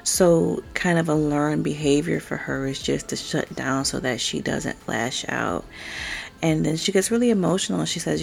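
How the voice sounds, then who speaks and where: A woman's voice: deep voice, moderate pace, creaky. A woman giving a chatty, opinionated recap of a reality show, full of filler words and sudden emphatic jumps when she gets worked up. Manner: chatty and opinionated, lots of "like" and "bruh", rising emphatic outbursts. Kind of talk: casual recap commentary.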